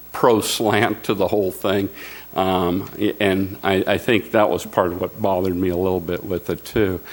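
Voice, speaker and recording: Man, board member, very deep voice, measured and a bit hesitant. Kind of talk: comments at a public meeting.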